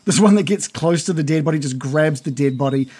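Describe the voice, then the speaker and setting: Relaxed male game master. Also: on the high side, fairly quick, breathy edge. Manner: relaxed, with many fillers. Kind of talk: narrating a tabletop game.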